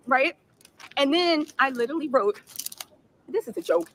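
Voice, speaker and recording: A woman hosting a live reaction stream, giving sassy, animated commentary and reading out viewer messages. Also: high-pitched, poor audio. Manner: sassy, fast-talking, mimics people she describes. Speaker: livestream host reacting to trial news.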